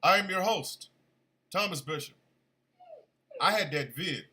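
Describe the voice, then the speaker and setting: A man hosting a casual live radio show, chatty and animated, still congested from an illness. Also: fairly high pitch, normal speed, pauses often. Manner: chatty, animated, shouts at his dogs. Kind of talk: casual livestream talk radio.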